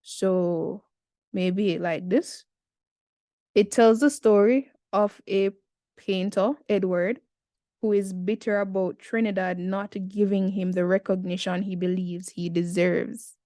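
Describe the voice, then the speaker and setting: A woman's voice: medium pitch, steady tone, slow, warm tone, no echo, clean studio sound. A Jamaican woman in her twenties, talking through an essay in a casual, chatty tutorial with slangy asides. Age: 20s.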